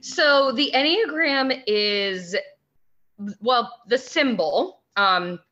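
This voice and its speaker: A woman's voice: on the high side, animated, drawn-out words, pushed and bright. Hesitant woman guest with dull lo-fi sound. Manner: explanatory, hesitant, many ums. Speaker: podcast guest. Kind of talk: casual podcast chat.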